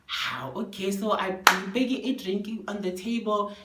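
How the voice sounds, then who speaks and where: A woman's voice: medium pitch, lively intonation, unhurried, heavy background noise. A young woman from South Africa with a Zulu accent, telling a storytime tale in a chatty style and switching between languages. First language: isiZulu. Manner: chatty, code-switching, addresses viewers as guys. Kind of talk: casual storytime. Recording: roomy echo.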